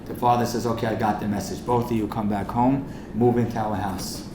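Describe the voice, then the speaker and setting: A rabbi telling a story and then pleading passionately with the room at a fundraising event. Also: male voice, on the low side, steady tone, fairly quick. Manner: impassioned, rising to urgent pleading. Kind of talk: storytelling speech and charity appeal. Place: event hall. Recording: echoey hall with faint noise.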